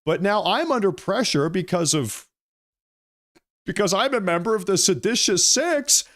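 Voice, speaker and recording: A man's voice: high voice, expressive, moderate pace, a bit bright, voice pushed up. A man putting on a mocking impression of a self-pitying woman politician, in a whiny, exaggerated voice.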